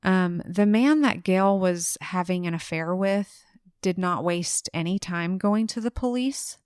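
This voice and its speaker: A woman co-hosting a casual true-crime podcast, telling the case in a relaxed way and laughing easily. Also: fairly low pitch, a little slow, smooth, no room sound, clean studio sound. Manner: relaxed storyteller, laughs easily, acts out quotes briefly. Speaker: podcast co-host narrating the case.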